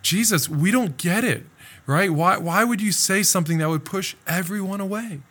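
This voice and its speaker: A preacher voicing confused, pleading disciples. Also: male voice, sits high, moderate pace, fairly bright tone, pitched above the performer's own voice. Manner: pleading, questioning. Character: bewildered male disciples pleading with their teacher.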